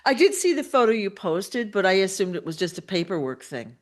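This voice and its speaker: A woman's voice: medium pitch, very animated, fairly quick. A woman hosting a casual live-stream interview, eagerly chiming in with short reactions and questions. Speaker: host.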